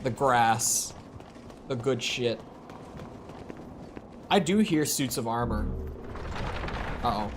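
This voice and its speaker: A man's voice: mid-range voice, lively intonation, slow, long pauses, noisy background. A man giving rambling live gameplay commentary, chatting to viewers and correcting himself as he goes. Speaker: streamer.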